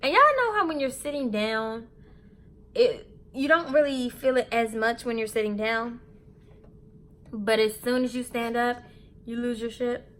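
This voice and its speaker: Animated young woman telling a candid story. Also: a little high, a little slow. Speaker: beauty vlogger. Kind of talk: storytime vlog while getting ready.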